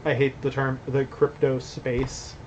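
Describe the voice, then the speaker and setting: A man's voice: mid-range voice, monotone, a little slow, highs cut off, a little hiss or hum. A young adult man giving blunt, rambling commentary on a stream, reading chat and swearing casually. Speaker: company founder hosting a stream.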